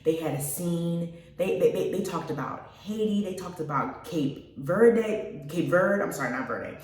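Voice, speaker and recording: A woman's voice: lowish voice, normal speed. A woman hosting a radio show, chatting casually and gushing to her listeners about a movie. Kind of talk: casual movie review chat. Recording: very echoey room, mic at a distance.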